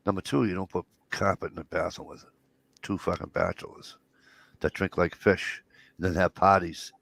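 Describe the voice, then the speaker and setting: A man's voice: sits low, steady tone, normal speed, gravelly, a bit bright, no echo. A middle-aged man, telling rambling, profane stories and acting out the dialogue. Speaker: podcast co-host. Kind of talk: casual storytelling chat.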